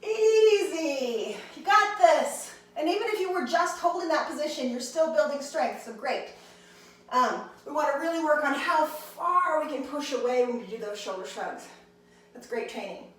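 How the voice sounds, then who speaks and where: Woman, fitness instructor, high voice, encouraging, counting reps, very echoey room, far from the mic. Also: expressive, normal speed. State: slightly out of breath. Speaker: handstand instructor.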